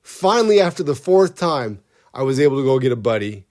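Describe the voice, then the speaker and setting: A man's voice: medium pitch, big pitch swings, a little fast, darkish tone. A man co-hosting a podcast who tells a story in a casual, comic, rambling way and often cuts himself off mid-sentence. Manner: rambling, self-interrupting, comic. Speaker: podcast co-host.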